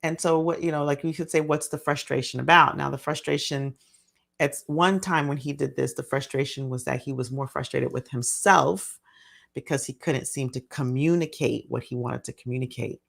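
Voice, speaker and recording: Gravelly-voiced woman explaining a parenting model. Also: extremely low pitch, fairly even intonation, normal speed. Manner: thoughtful, explains step by step with many fillers. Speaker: physician and parenting speaker. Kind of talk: casual teaching talk.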